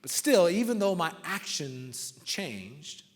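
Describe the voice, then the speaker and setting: A man giving a humorous, animated motivational talk, telling a story and often checking in with the audience. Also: a little high, slow pace. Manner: animated, keeps asking the crowd "right?". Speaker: motivational speaker. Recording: long reverb of a large hall.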